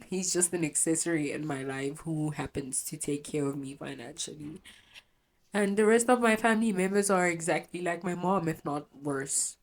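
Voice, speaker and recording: A young woman hosting a podcast, talking bluntly and rawly and swearing freely as she trails off. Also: low-pitched. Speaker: podcast host. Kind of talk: confessional podcast monologue.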